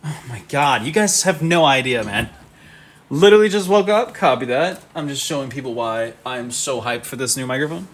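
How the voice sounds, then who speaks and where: A young man casually chatting on a live stream from his home setup, gushing and excitable and swearing freely. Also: mid-range voice, brisk, few pauses, breathy edge.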